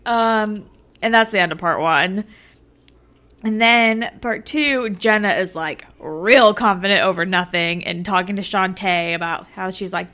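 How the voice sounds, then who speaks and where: A woman's voice: medium pitch, unhurried, sharp tone. A young woman co-hosting a podcast, recapping episodes in casual chat and acting out the characters' lines in exaggerated voices. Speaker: podcast co-host.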